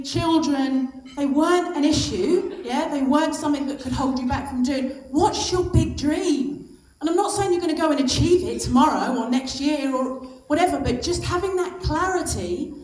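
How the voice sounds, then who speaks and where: A woman's voice: sits high, unhurried, darkish tone, slight background noise. A woman in her fifties giving an impassioned motivational speech on stage, stressing her points through repetition. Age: 50s. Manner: impassioned, emphatic, repeats for stress. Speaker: guest speaker. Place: stage at a lunch event. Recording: echoey hall.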